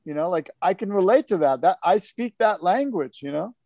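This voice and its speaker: Animated man in casual surf chat. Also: high-pitched, normal speed, dry recording, studio quality. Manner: animated, rambling with many fillers. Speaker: podcast co-host.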